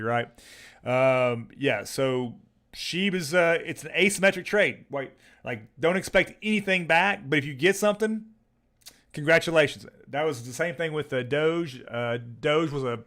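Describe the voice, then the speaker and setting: A man's voice: on the high side, fairly bright tone. A man hosting a live stock trading stream, chatting loosely and repeating words as he goes, with his voice starting to give out. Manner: rambling, repeats words, upbeat sign-off. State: losing his voice. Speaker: livestream stock trading host.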